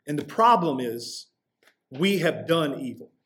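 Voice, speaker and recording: A man delivers a sermon from the pulpit, his voice sitting high for a man. He keeps it conversational and plainspoken, then drags out the key lines slowly for weight. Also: lively intonation, fairly bright tone. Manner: conversational preaching, slows for emphasis. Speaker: pastor.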